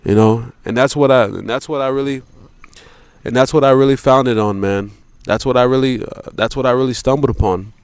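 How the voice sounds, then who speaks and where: A man delivering a rambling philosophical monologue, profane and repetitive, leaning on filler words and slow, drawn-out emphasis. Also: mid-range voice, steady tone, clear, resonant tone, no room sound. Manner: profane, repetitive, peppered with "you know" and "man".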